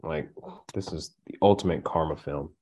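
A man's voice: a bass voice, normal speed, dark tone. A man co-hosting a podcast, giving dry, matter-of-fact verdicts in a casual movie chat. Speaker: podcast co-host.

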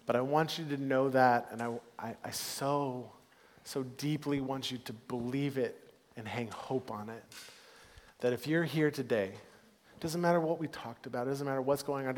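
A man preaching a sermon as pastor, earnest, moving between hushed, soft passages and loud, upbeat ones. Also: mid-range voice, a little fast, slight background noise. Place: church sanctuary. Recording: long hall reverb.

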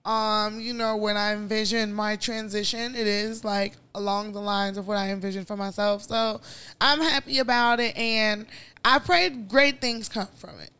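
A woman's voice: mid-range voice, moderate pace, clear, resonant tone. A woman co-hosting a podcast, chatting casually and easily about her week. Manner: relaxed, chatty, rhyming playfully. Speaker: podcast co-host. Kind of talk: casual chat.

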